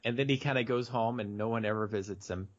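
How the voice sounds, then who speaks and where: Young guy podcaster, lowish gravelly voice, lots of um and uh, kinda muffled lo-fi sound. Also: quick pace. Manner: hesitant, many ums and restarts. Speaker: podcast co-host. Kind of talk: casual chat.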